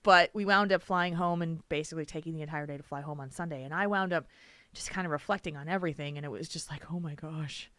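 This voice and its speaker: A woman's voice: sits low, quick pace, pushed and bright, dry recording. A woman hosting a podcast from home over a video call, chatty and laughing often. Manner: giggly, chatty. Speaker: podcast host. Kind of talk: casual podcast chat.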